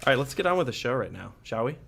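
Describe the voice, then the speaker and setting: A man's voice: medium pitch, big pitch swings, racing, gravelly, a bit bright, slightly rough. Joking male podcast host. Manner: mock-serious, self-deprecating banter. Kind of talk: joking podcast-style radio chat.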